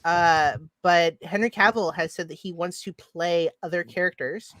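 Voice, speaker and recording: A woman from Ireland co-hosting a casual podcast, reading nerd news in an excitable way that trails off and restarts. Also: lowish voice, normal speed, no room sound. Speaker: podcast co-host.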